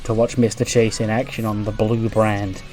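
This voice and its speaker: A man's voice: fairly low pitch, little pitch movement, moderate pace, darkish tone, faint music behind. A man narrating a wrestling game playthrough in a chatty, casual way. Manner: chatty, laughs often. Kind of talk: casual let's-play recap.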